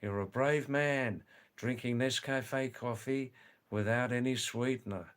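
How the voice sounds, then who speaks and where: An Australian man chats on a live stream and reads out his viewers' messages. His voice sits at an ordinary middle pitch. He explains things in a loose, rambling way. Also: a bit bright. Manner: chatty, reads viewer comments aloud, drawn-out explanations. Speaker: livestream host reading chat. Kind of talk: casual live-stream chat.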